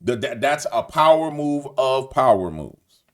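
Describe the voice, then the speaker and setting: A man's voice: mid-range voice, measured pace. A man giving an opinionated monologue as a political commentator, blunt and colloquial, slipping into a preacher's cadence. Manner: animated, slips into preacher cadence; blunt colloquial talk with repeated phrases.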